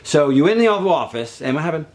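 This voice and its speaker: A man's voice: a little high, very animated, fast talker, darkish tone. A man coaching an actor off camera, insistent and profane, repeating himself as he gives directions.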